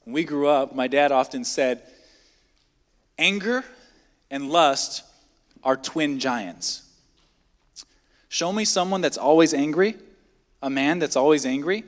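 A man's voice: on the high side, slow pace, long pauses. Man, preacher, midweek sermon, conversational, rhetorical questions, long church reverb. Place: church sanctuary.

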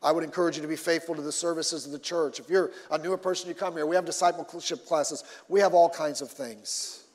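A male pastor preaching a sermon in an animated way, repeating himself and swinging between loud and soft. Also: a little high, fast, in a large hall.

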